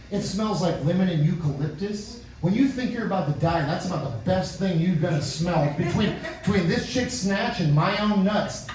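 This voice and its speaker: A man's voice: high voice, slight background noise. Profane man telling stand-up stories. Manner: profane, rambling storytelling with crowd asides. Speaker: stand-up comedian. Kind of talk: stand-up comedy set. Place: comedy club. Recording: echoey club room from far off.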